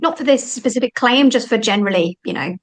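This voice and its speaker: A woman talking as the guest author in an interview, animated and thinking aloud with frequent fillers. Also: fairly high pitch, fast, rough recording. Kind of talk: conversational interview.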